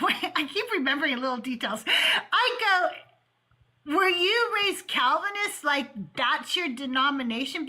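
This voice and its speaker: A woman with a high, bright voice hosts a call-in show from her home. She tells a story in casual chat, acts out both sides of an argument and swears freely. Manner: animated, profane, retells arguments in quotes. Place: home with cats playing.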